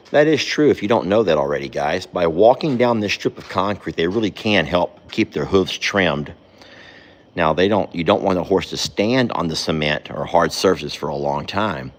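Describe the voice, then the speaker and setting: Folksy man with a lively voice. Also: sits low, normal speed. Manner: folksy, talks to animals and viewers. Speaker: ranch vlogger. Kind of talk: casual vlog chat. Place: outdoors on a ranch at night.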